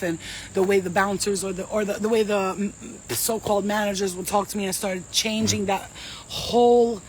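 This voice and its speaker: Woman, psychic medium, streetwise slang, swears a lot, animated storytelling, middle-pitched voice. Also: slight background noise, rough recording. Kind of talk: casual storytelling to a live audience.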